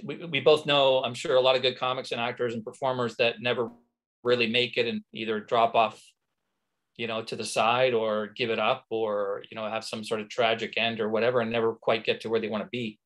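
A man from Canada, an actor and comedian, telling lively anecdotes as a guest in a casual interview. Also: mid-range voice, brisk.

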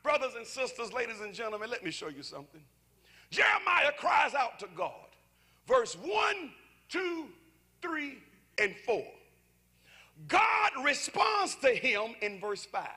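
A man pastor preaching a sermon at a church service, impassioned and often shouting, with asides to the congregation. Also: very high voice, wildly swooping pitch, a little slow, husky. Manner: talks to congregation directly, conversational asides.

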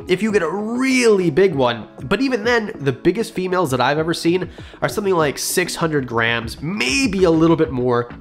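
A man hosting a pet-snake vlog, explaining care tips in a chatty, enthusiastic way with jokey asides. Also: on the high side. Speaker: reptile channel host. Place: home with pets around.

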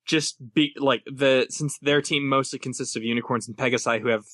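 Bright-voiced man thinking aloud at a game table. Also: mid-range voice, fairly even intonation, brisk, dry recording, clean studio sound. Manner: thinks aloud while planning strategy. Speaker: player.

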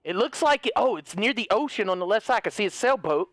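A hoarse man giving excitable, casual let's-play commentary, cursing freely and chatting to his horse. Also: sits high, quick pace, no echo. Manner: excitable, swears often, talks to his horse. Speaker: gaming video host.

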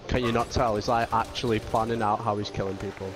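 A man's voice: fairly low pitch, fairly even intonation, fast talker. A young man bantering over a game with a friend, goofy and teasing. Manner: goofy, teasing, bursts into song. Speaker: gaming friend. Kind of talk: casual gameplay banter. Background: game music.

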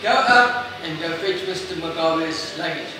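A man's voice: on the high side, animated, measured pace. A man voicing a coaxing, hospitable male devil in a joke. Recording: echoey, noisy, far from mic.

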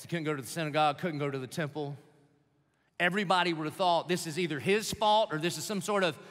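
Pastor preaching in a big echoey church, punchy bright voice, swings from quiet asides to loud. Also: male voice. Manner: conversational preaching with dramatic swings from low asides to loud emphatic bursts. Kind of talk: sermon. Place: large church hall. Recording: live sermon in a reverberant hall.

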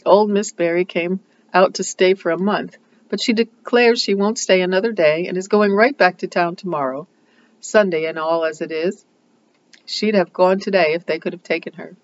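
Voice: mid-range voice, normal speed, dull audio, slight background noise, lightly acted. A reader voicing a gossipy, self-assured older woman neighbor from a storybook, emphatic and scolding. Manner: emphatic, scolding, repeats a pet phrase.

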